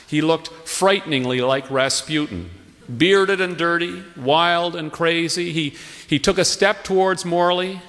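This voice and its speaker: A man's voice: on the high side, unhurried, a bit bright. A man telling a humorous story on stage with wry, playful emphasis. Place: theatre stage with live audience. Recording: long hall reverb, live stage.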